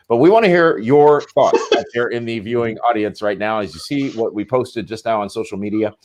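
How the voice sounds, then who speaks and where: A man's voice: fairly low pitch, fairly quick, few pauses, a little mellow. A man hosting a wrestling talk show, moving topics along with jokes and questions to the panel. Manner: joking, steering the discussion. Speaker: show host. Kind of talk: casual panel chat, moderating.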